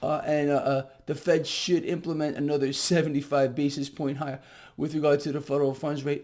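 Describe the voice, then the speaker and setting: Sarcastic, animated man ranting about markets. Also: a little high, a little fast. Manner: sarcastic, animated, mocking with mock outbursts. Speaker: market commentary vlogger. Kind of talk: casual direct-to-camera market rant.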